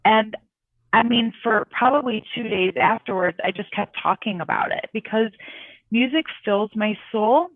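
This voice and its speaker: A woman's voice: a little high, moderate pace, no room sound. Woman on a tinny remote call. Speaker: co-host. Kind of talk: casual chat. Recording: dry tinny phone-like call audio.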